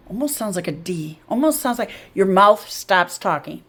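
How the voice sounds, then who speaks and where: A woman reading tutor giving a patient, drawn-out phonics lesson. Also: fairly low pitch, lively intonation, vocal fry, a bit bright.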